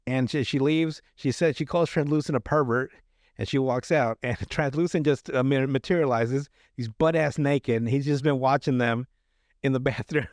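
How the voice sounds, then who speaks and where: A man's voice: medium pitch, moderate pace, dry recording. Man, podcast host, rambling casual recap, filler words, dry close mic. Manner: rambling with many fillers and restarts, laughs often.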